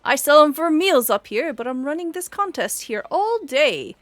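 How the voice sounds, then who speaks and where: Woman playing an orc woman, hearty, welcoming, bustling, slightly high voice, faint background music. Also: very animated, moderate pace, no room sound. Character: warm, bustling orc woman pie-seller.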